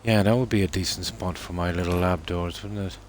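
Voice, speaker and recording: A man's voice: sits low, fairly even intonation, fairly quick, a little hiss or hum. A man streaming a game, muttering and thinking aloud while he builds, in casual chat.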